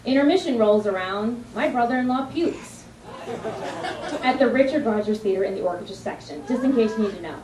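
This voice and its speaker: A woman from New Jersey doing a stand-up comedy set, telling animated stories with sudden high-pitched punchlines. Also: a little fast, distant mic. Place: comedy club stage. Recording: echoey club recording from afar, with crowd laughter.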